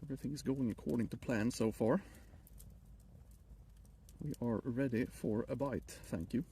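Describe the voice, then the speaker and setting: A man's voice: mid-range voice, normal speed, vocal fry, mellow, slight background noise. A middle-aged man with a Swedish accent, joking and rambling to his chat while streaming from a frozen lake. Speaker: livestreamer. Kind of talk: casual live stream chat.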